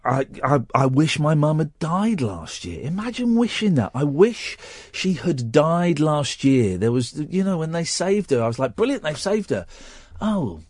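A man hosting a radio show, telling a personal story while close to tears, halting and restarting often. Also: on the high side, big pitch swings, slightly rough, no echo. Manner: halting and tearful, with many restarts. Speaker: radio host.

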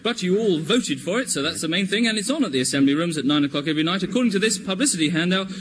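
Brisk mock-earnest male radio announcer. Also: sits high, animated, fairly bright tone. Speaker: comedy radio presenter. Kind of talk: scripted sketch comedy. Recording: noisy vintage radio recording.

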